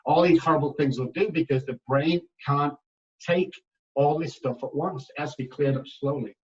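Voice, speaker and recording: A man with a fairly high voice talks as a podcast guest, energetic and emphatic as he tells stories. The mic sits a little away from him and the sound is dull. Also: moderate pace, far from the mic. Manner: energetic, emphatic, addresses listeners as guys. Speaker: addiction recovery expert guest. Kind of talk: animated podcast storytelling.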